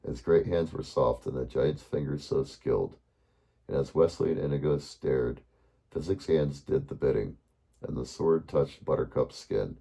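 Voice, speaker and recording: Man, bedtime story reader, extremely low voice, dark and husky, calm. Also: normal speed.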